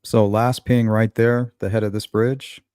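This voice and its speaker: A man's voice: on the low side, flat delivery, a little slow, a little mellow, smooth, no echo, clean studio sound. A man hosting a live true-crime stream, musing over a case and greeting viewers in chat. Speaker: host of a true-crime livestream. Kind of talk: casual live commentary.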